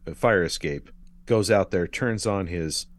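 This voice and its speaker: A man's voice: low voice, a little slow, no room sound. A man co-hosting a podcast, adding dry wisecracks while recapping a movie. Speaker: podcast co-host. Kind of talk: casual movie recap chat.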